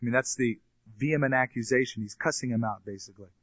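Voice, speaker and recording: A man's voice: medium pitch, fast, a bit bright, no echo, highs cut off. A male pastor teaching a Bible passage, reading scripture aloud and then explaining it in plain, casual asides. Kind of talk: expository Bible sermon.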